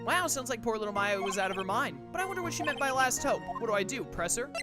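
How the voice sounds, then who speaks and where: A woman's voice: fairly high pitch, lively intonation, fast. Woman streamer with chatty asides. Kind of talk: casual game commentary. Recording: game music behind voice.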